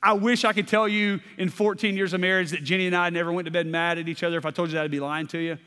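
A man preaching in a casual, conversational way, forever tagging his points with "okay?" and doubling back on his words. His voice sits high for a man. A long reverb from a big hall trails each phrase. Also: fairly even intonation, rapid-fire, pushed and bright, smooth. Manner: conversational, repeats "okay?" often, restarts words. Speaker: pastor. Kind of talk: sermon.

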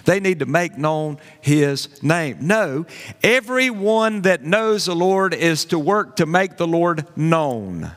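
A man preaching a sermon as pastor, animated and conversational, with folksy asides to the congregation. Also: on the high side, slow pace, long reverb tail.

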